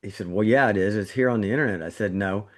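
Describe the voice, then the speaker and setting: Man, low voice, middle-aged, casual podcast chat, animated storytelling with indignant jumps. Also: quick pace. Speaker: trauma surgeon, podcast co-host.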